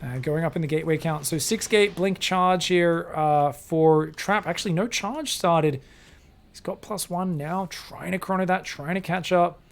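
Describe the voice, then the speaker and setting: A young man doing solo live commentary on a strategy game, animated and profane, drifting into rambling asides between plays. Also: fairly high pitch, unhurried, gravelly. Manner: animated, swears freely, drifts into rambling stories. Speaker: esports caster.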